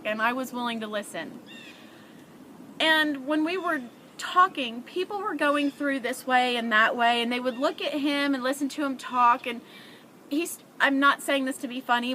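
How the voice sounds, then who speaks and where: A woman's voice: high voice, sharp tone, slight background noise. A middle-aged woman talking earnestly and emotionally to her viewers, sharing parenting advice in a conversational way. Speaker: parent vlogger. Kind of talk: heartfelt advice to camera.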